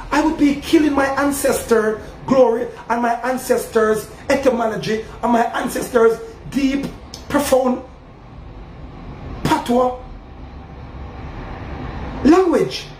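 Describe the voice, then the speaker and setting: A Jamaican man with a strikingly high voice holds forth in a preachy, rambling rant, calling out to his listeners again and again. His voice rings around a roomy, echoey space with a faint hiss underneath. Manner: preachy, repetitive, calls out "people" often. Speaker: self-styled community leader addressing fans. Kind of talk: animated street-style rant.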